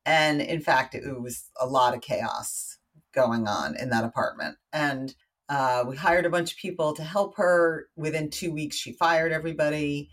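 A woman from the United States, a guest in an interview, telling a story in a lively, casual way with wry asides. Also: deep voice, normal speed.

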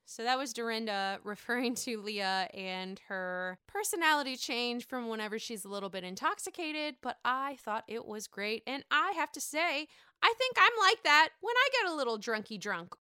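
Woman recap host, gossipy and animated, with a slightly high voice. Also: normal speed, clean tone, dry recording, studio quality. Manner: gossipy, animated, mocks quotes in put-on voices. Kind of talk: casual recap commentary.

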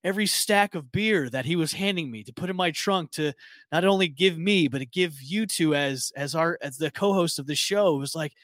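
A man co-hosting a casual sports podcast, talking excitedly and rambling with lots of restarts. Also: a little high, moderate pace, dry recording. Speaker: podcast co-host. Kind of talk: casual chat.

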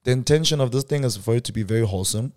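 A young man from South Africa hosting a podcast, telling stories in a casual chat and dropping low when upset. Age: 20s. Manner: fast, animated storytelling, drops to low muttering when upset. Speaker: podcast host.

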